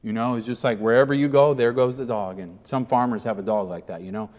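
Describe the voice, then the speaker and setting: Male pastor, mid-pitched, animated verse-by-verse preaching, long reverb from a large sanctuary. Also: quick pace. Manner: animated, acts out the speakers in the passage. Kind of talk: sermon.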